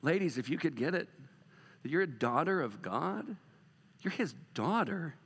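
A middle-aged man preaching a sermon as a pastor, moving from loud emphatic bursts to soft, slow passages. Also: a little high, animated, slightly rough, big-room sound.

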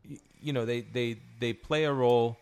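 A man's voice: mid-range voice, steady tone, normal speed, creaky, darkish tone, smooth. Man chiming in with short quips. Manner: brief backchannel replies and quips. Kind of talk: casual chat.

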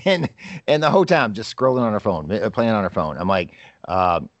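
A man with a gravelly, very low voice talks casually on a podcast. He rambles and restarts his sentences often. The sound is dry and close, with no room around it. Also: big pitch swings, fairly quick, dry recording, muffled recording. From Kentucky, USA. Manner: rambling, with frequent restarts and chuckles. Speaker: podcast co-host. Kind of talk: casual chat.

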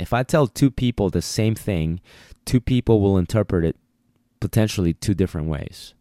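A man's voice: sits low, dark tone, no room sound, studio quality. A man who trains dogs, talking casually and repeating himself as he explains puppy biting. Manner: conversational, repeats himself, voices the puppy's thoughts. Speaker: dog trainer. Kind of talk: casual instructional talk.

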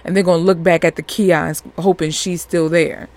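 A woman's voice: lowish voice, level tone, moderate pace, a little mellow. A woman hosting a podcast, chatting casually and animatedly as she reviews a movie, laughing often. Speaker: podcast host.

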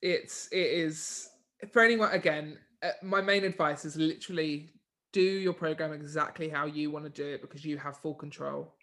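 A woman's voice: sits low, steady tone, moderate pace, fairly bright tone. A young woman hosting a podcast in casual chat, talkative and upbeat, laughing often with her guest. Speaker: podcast host.

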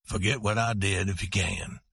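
Man playing deep, subdued rancher husband, storybook reading, husky voice. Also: steady tone, moderate pace, fairly bright tone, exaggerated voice. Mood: remorseful. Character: remorseful rancher husband, low and humble.

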